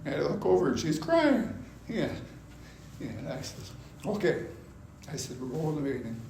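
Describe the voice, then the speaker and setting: An older man giving a personal testimony at a gospel meeting, telling his story in an animated way and acting out his past anger. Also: on the high side, moderate pace, vocal fry. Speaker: testimony speaker. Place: gospel hall. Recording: echoey hall, faint background noise.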